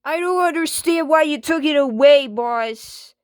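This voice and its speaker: In a homemade voice-acting skit, a woman plays a stubborn, whiny washing machine with a moody streak, speaking slowly in a fairly high voice and firing off defiant, slangy comebacks. The sound is dry and close, with no room or echo around it.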